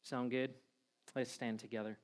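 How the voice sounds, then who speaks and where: A middle-aged man preaching a sermon in a church, telling stories with lively acted-out voices. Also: mid-range voice, moderate pace. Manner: animated storytelling with acted-out voices. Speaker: pastor.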